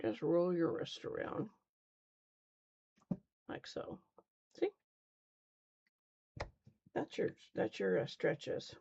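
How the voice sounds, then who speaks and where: A woman's voice: on the low side, expressive, drawn-out words, gravelly, long pauses, warm tone, husky, lo-fi sound. A middle-aged woman casually teaching beginners on a live stream, chatty and rambling, often stumbling over her words. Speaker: crochet teacher.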